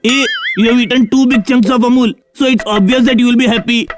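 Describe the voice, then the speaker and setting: Casting: a very high, nervous stammering kid, music behind. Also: male voice, steady tone, fast talker. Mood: fretful. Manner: hesitant, stammering. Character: timid worried young boy Sukuta. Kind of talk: cartoon dubbing.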